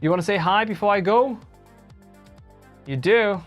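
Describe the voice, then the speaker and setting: A woman's voice: medium pitch, moderate pace, soft background music. A woman live-streaming from a home room, chatting casually and reading viewer comments aloud as she answers them.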